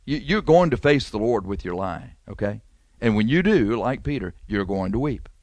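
A man preaching a radio sermon with fervor, repeating lines and climbing suddenly in pitch and volume. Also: big pitch swings, normal speed, darkish tone, no room sound.

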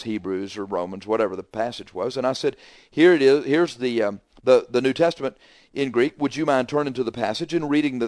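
A man's voice: mid-range voice, darkish tone, no echo. Emphatic preacher man, dry sound. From Texas. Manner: emphatic, retells arguments with rising heat. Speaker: pastor. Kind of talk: radio sermon storytelling.

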